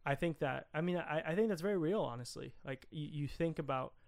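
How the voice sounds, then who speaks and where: A man's voice: fairly high pitch, brisk, a little mellow. A young man co-hosting a podcast, talking over a film in an earnest, reflective way. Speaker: podcast co-host. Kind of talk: casual film discussion.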